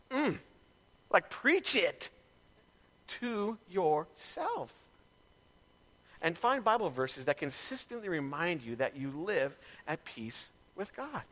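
An animated male pastor whose speech swings widely up and down, preaching in a candid, chatty way. His tone is bright and ringing. The long reverb of a big church hall trails behind every phrase. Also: on the high side. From Canada. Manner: conversational, candid preaching with personal stories. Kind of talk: sermon.

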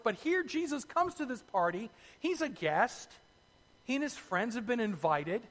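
A man preaching a sermon, telling the story in a lively way with asides to his listeners. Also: high-pitched, long reverb tail. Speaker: pastor.

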